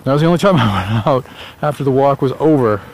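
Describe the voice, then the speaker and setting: A man's voice: medium pitch, expressive, fast talker, gravelly, darkish tone, slight background noise. Chatty middle-aged man on a morning walk. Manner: rambling, chatty, with frequent "uh" and chuckles. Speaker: vlogger. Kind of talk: casual walking vlog.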